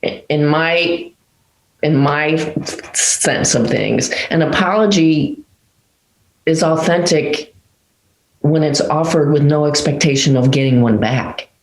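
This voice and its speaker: A woman's voice: low voice, takes it slowly, long pauses. Woman podcast host, thoughtful, affirming, roomy echo. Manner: affirming, thoughtful, frequent agreement. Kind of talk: casual conversation. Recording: echoey room.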